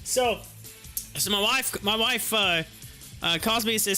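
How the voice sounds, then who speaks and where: Brief: chatty male streamer, very high bright voice, faint music behind. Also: unhurried, pauses often. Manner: chatty, laughs often, frequent restarts. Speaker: live stream host. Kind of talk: casual chat, storytelling. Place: home.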